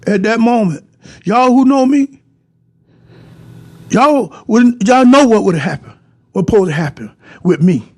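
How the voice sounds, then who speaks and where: A man's voice: extremely high pitch, expressive, measured pace, long pauses. A man telling viewers a personal story, rambling and repeating himself as he speaks to them directly. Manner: rambling and repetitive, restarting phrases and addressing the audience directly.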